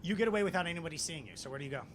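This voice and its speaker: High-voiced man running a tabletop game. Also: lively intonation, rapid-fire, a little hiss or hum. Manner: rambling, filler-heavy narration. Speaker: game master.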